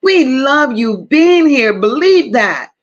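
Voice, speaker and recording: Woman w/ high voice doing livestream shoutouts, aave, calls everyone baby n boo, swears casually. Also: big pitch swings, slow pace, highs cut off. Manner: warm, affectionate, calls viewers baby and boo; casual, swears freely, reads chat aloud. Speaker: livestream host. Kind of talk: live chat greetings.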